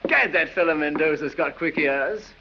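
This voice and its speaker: An actor playing a silly, foppish English aristocrat dandy who drawls, giggles and dithers, in 1930s film acting. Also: male voice, a little high, normal speed, close to an everyday voice. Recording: dull old film soundtrack with hiss.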